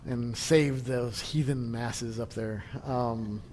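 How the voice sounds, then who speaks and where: A man's voice: medium pitch, fairly even intonation, slow, darkish tone, in a large hall. A man casually leading a church history class, chatty and joking, with frequent restarts.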